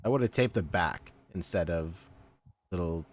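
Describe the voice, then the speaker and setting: A man's voice: sits low, unhurried. A man co-hosting a podcast in casual chat, laid-back, laughing often and repeating his praise. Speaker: podcast co-host.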